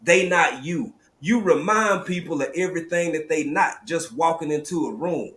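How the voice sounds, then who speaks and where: A man with a Southern US accent, hosting a live stream panel, telling stories in lively slang over a video call. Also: on the high side, normal speed, echoey room. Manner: animated, storytelling, drawling slang. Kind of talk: casual panel talk.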